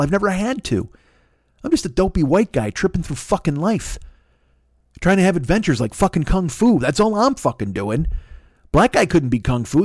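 Podcast host, man in his forties, gravelly and a bit high-pitched, sweary rambling rants. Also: a little mellow, no echo, studio quality. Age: 40s. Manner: profane, rambling, exasperated rant. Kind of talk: comedic monologue.

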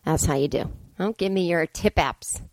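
Low-voiced woman with a dry, blunt rant. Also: normal speed, dry recording. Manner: exasperated storytelling, acting out both sides of conversations; blunt, profane asides. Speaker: podcast host. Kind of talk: solo comedic podcast rant. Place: indoors, hotel room.

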